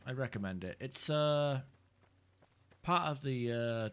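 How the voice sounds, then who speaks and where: A man's voice: mid-range voice, animated, slow pace, clean tone. A man streaming a game, chatting casually in a rambling, sweary way that keeps cutting himself off. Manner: rambling, sweary, self-interrupting. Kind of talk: casual gameplay chat.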